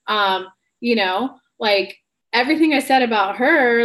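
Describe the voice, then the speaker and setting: A woman's voice: fairly high pitch, lively intonation, moderate pace, fairly bright tone. A woman life coach on a live stream, answering viewers by name and speaking bluntly and earnestly, with casual swearing.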